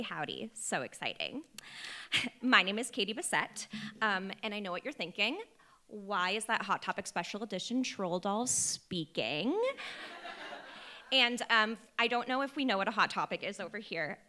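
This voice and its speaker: Giggly woman doing slow, bright stand-up. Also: medium pitch. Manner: giggly, self-deprecating, lots of ums. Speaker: stand-up comedian. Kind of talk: stand-up comedy. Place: comedy show stage.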